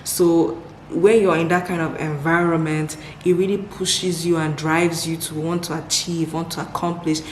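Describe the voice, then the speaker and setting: A young woman from Nigeria chats to her camera, answering questions in a low, upbeat voice and doubling words for emphasis. The room is echoey, with a faint ambient hum behind her. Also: flat delivery, normal speed. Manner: upbeat, repeats words for emphasis, laughs often. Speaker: vlogger. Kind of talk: casual Q&A chat to camera.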